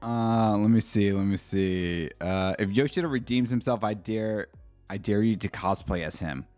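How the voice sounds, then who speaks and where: A man's voice: fairly low pitch, moderate pace, a little mellow, faint music behind. A man streaming a live manga reaction, ranting with profanity and sarcasm and reading out chat comments.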